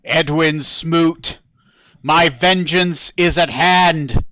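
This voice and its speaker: A grandiose villain lord bent on vengeance, as a man puts him on for a tabletop game. He drags out each proclamation slowly in a somewhat high, theatrical voice. The sound is dull and muffled, like online call audio. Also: sharp tone, no room sound, heavily acted. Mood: vengeful. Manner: slow, dramatic proclamation.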